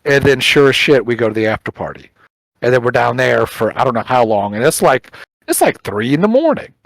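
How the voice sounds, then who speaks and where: A man's voice: mid-range voice, brisk, gravelly, no room sound, rough recording. Casual man telling a rowdy story. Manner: animated, acts out quotes, swears casually. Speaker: podcast co-host.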